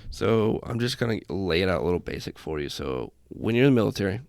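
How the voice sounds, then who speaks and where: With a low, darkish voice, lively intonation, and a quick pace, an airman runs a casual solo podcast. He rambles self-deprecatingly and often veers into tangents. He's in a small room lit with festive lights, talking into a desk setup in front of his laptop.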